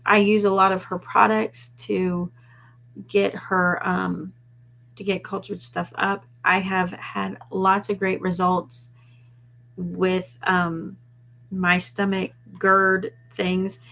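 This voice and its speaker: Woman, 40s, unhurried rambling live-stream host with a gravelly edge. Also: mid-range voice, level tone, a bit bright. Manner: rambling and chatty, trailing off mid-thought. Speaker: vlogger hosting a live stream. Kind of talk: casual live-stream chat.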